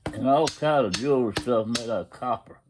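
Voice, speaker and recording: A man's voice: medium pitch, brisk, background noise. A man telling a story in a folksy, casual way, constantly retelling what others said. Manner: folksy drawl, retelling quotes with "he said".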